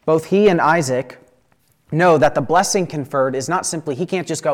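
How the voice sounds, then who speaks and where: Slightly high-voiced man teaching scripture. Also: a little fast. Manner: conversational, often checks in with "right?". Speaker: Bible teacher. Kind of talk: scripture reading and teaching commentary.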